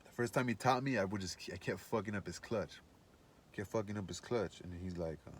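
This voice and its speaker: A man's voice: on the low side, a little fast, breathy edge. A man telling a long personal story in casual speech, rambling and profane, with many fillers and restarts.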